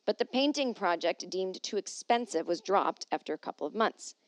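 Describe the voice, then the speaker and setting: Reading news stories on her comedic solo podcast, a woman mocks them sarcastically, swears freely and slips into goofy voices. Her mid-range delivery is animated at a normal speed, recorded dry.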